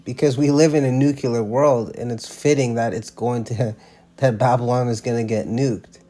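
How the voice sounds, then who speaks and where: A man's voice: mid-range voice, fairly even intonation, normal speed, mellow. A man giving casual religious commentary, emphatic and slangy, often restarting his sentences.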